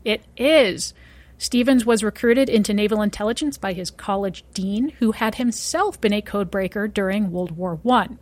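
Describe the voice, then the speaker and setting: A woman's voice: medium pitch, moderate pace, darkish tone. A woman co-hosting a casual podcast, running a trivia quiz with playful, teasing remarks.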